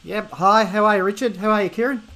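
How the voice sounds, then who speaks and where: A man co-hosting a comedy podcast with a brisk, officious manner. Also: sits high, fairly even intonation, pushed and bright. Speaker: podcast co-host. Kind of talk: comedy sketch and casual podcast chat.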